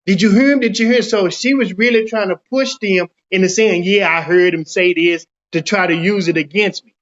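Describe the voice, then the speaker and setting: A man's voice: sits high, moderate pace, dull audio. A middle-aged man from Dallas tells his own story in a casual interview, acting out the voices of the people in it. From Dallas, Texas. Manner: animated storyteller acting out quoted dialogue.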